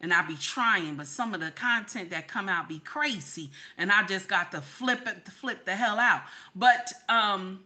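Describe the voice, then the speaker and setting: A woman's voice: medium pitch, a little slow, hardly any pauses, bright, forceful tone. A woman hosting her own channel, giving sassy, preachy reaction commentary straight to her viewers. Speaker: channel host.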